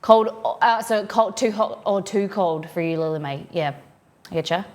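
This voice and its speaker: A woman's voice: mid-range voice, moderate pace. An Australian woman livestreaming from her home office, chatting casually and rambling as she reads out viewers' messages.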